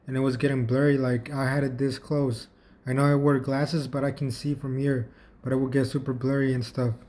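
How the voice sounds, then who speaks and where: A man shares a personal story on his vlog, stumbling casually through it with lots of restarts and repeated words. The pitch is medium, the tone level and mellow.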